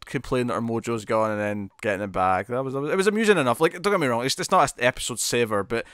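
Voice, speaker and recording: A man of ordinary pitch co-hosts a casual TV review podcast. He talks in quick bursts, restarts and repeats words. The sound is dry and close, with no room. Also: smooth, no echo. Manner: animated, repeats words, many fillers and restarts. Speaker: podcast co-host. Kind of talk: casual chat reviewing TV episodes.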